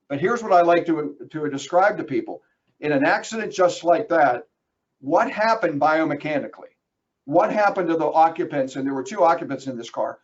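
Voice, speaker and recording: A man's voice: fairly high pitch, dull audio. A man giving a webinar presentation, emphatic and direct, talking straight to his listeners. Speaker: webinar presenter on trucking risk.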